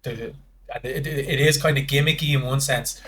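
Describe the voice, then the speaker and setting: A man's voice: mid-range voice, fairly even intonation, a little fast, fairly bright tone, a little hiss or hum. A man with a Dublin Irish accent, a guest in casual podcast chat, rambling through stories full of restarts and acted-out dialogue. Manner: rambling storyteller acting out dialogue, many restarts.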